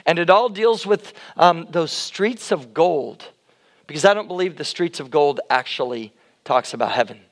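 Loud, high-pitched middle-aged male pastor, conversational sermon, questions the congregation. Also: lively intonation, normal speed. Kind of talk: interactive sermon.

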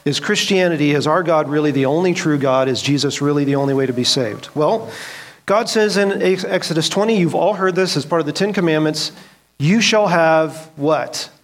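A man's voice: fairly high pitch, fairly quick. A man teaching a church Bible class, asking the group questions and quoting scripture earnestly. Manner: earnest, asks the room questions, quotes scripture.

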